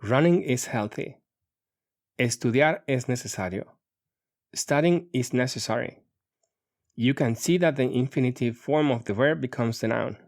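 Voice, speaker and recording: A man narrating a language lesson audiobook, reading paired example phrases in a measured way. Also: mid-range voice, darkish tone.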